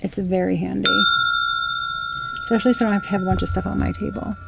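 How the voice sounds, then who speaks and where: A woman's voice: mid-range voice, steady tone, fast talker, gravelly, heavy background noise. A young woman giving a casual tarot reading, rambling and swearing in amazed disbelief. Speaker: tarot reader.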